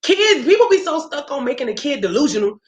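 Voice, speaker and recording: A woman's voice: high-pitched, big pitch swings, fast. Blunt, fired-up woman in a roomy room. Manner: blunt, profane, fired-up storytelling. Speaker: podcast host. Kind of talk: casual chat. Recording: roomy, dull lo-fi sound.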